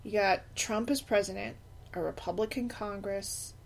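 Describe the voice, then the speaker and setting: A woman's voice: mid-range voice, normal speed, gravelly, slight background noise. A middle-aged woman who is a single mother, talking through a podcast monologue in an impassioned, indignant way, with many fillers and restarts. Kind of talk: unscripted personal podcast monologue.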